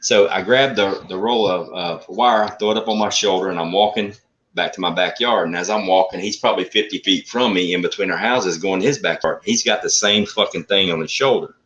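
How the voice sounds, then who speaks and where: A man telling a story in a blunt, profane, animated way in casual talk. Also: sits low, fairly quick. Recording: muffled lo-fi audio.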